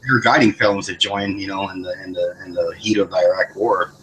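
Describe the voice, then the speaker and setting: Hesitant low-voiced man on voice chat. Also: steady tone, fairly quick, sharp tone, low-quality recording. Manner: hesitant, repeats words as he starts. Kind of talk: casual voice chat.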